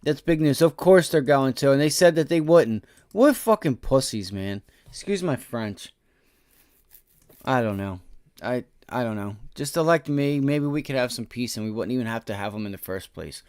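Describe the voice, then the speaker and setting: Man, live trading commentary, dry close sound, frustrated muttering, sudden loud outbursts, swearing. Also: medium pitch, lively intonation, normal speed, smooth, dry recording. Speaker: day trading livestream host.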